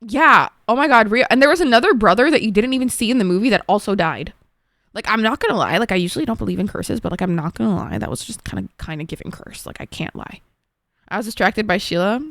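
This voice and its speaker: A woman's voice: medium pitch, animated, fast talker, a bit bright, dry recording. A young woman streamer chatting casually with her viewers, emotional and swearing freely. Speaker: live streamer.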